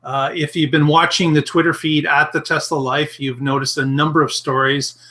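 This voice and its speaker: A man's voice: fairly high pitch, flat delivery, normal speed, bright, forceful tone. A man co-hosting a podcast, explaining news in casual chat and laughing easily. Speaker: podcast co-host.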